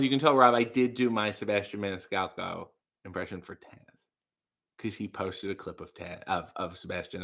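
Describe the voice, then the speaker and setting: A man's voice: medium pitch, a bit bright. A man hosting a casual livestream, reading chat messages aloud, rambling and trailing off into mumbles. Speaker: livestream host.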